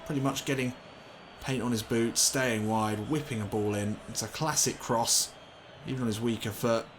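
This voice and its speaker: A man talks over his football video game in a mid-range voice, swinging from calm play-by-play to shouting and swearing. A faint hiss sits under the recording. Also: medium pitch, normal speed. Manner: excitable, swears and shouts in frustration. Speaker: gaming commentator.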